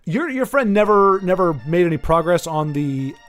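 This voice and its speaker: A man's voice: high voice, lively intonation, normal speed, fairly bright tone, soft background music. A man streaming a game who rambles and jokes while greeting viewers by name in a casual chat. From United States. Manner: rambling and jokey, talking straight to viewers by name. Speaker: livestreamer talking to chat.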